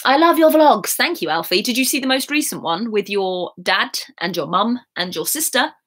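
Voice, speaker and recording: A woman's voice: medium pitch, lively intonation, normal speed, bright, forceful tone. A young woman from England with a southern received pronunciation accent, chatting casually on a livestream and answering viewer comments in a rambling way. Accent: southern English received pronunciation. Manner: chatty, rambling, lots of fillers. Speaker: YouTuber.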